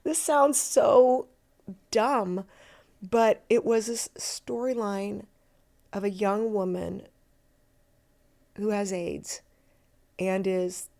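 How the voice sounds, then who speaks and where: A middle-aged actress chatting as a podcast guest, self-deprecating and lively, slipping into voices as she tells stories. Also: mid-range voice, extremely slow, vocal fry, pauses often. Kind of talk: casual interview chat.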